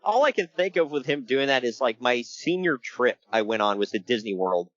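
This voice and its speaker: Recapping a wrestling show on a laid-back podcast, a man co-hosts with plenty of jokes, laughter and animation. His pitch is medium and his speed normal, captured in a dry, muffled recording.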